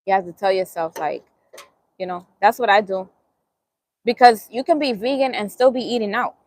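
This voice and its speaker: A woman's voice: mid-range voice, normal speed, darkish tone, no echo. A woman with a Bronx New York accent chatting casually on a live stream while eating, answering viewers' comments and laughing easily. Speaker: vegan cooking channel host.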